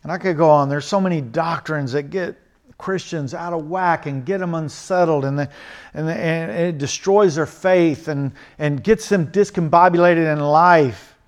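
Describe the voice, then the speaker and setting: Emphatic preacher, higher-pitched man. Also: moderate pace. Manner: emphatic, swings between loud exhortation and quiet earnest asides; mocking rhetorical questions. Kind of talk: sermon.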